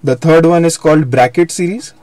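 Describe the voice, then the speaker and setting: Young male tutor, slightly high voice, dry close sound, patient explanatory delivery. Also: a little fast, darkish tone, no room sound. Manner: explanatory, repeats and self-corrects. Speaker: physics teacher. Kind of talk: live online lecture.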